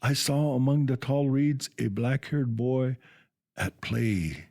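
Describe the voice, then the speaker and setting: A man reading as an excited hunter. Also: mid-range voice, slow, voice pushed up. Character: Native hunter, excited at finding the lost boy. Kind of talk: storybook reading on radio.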